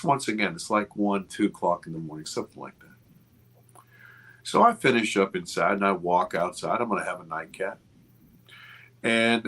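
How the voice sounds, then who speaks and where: A man over fifty, an interview guest, telling a story with expressive, restarting speech. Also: fairly low pitch. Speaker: interview guest, film producer. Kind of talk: animated storytelling in a casual interview.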